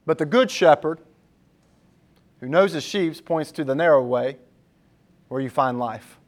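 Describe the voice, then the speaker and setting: High-voiced, earnest male preacher. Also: measured pace. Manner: earnest, emphatic, conversational storytelling. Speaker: pastor. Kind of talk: sermon.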